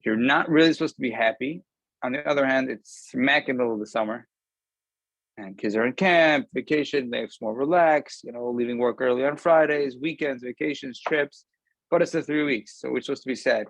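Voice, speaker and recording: A man's voice: medium pitch, gravelly, no echo, poor audio. Man giving a dry, casual Torah talk. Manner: conversational, often pausing with ums. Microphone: video call camera.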